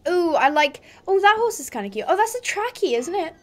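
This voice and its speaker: A woman's voice: very high-pitched, very animated, a little fast. A woman giving chatty, giggly let's-play commentary as a gaming YouTuber.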